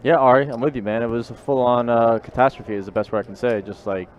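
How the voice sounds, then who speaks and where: A man's voice: mid-range voice, quick pace, dull audio. A man commentating a live poker stream in casual chat, talking in a glum, repetitive, rueful way. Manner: glum, repetitive, rueful about a sports loss.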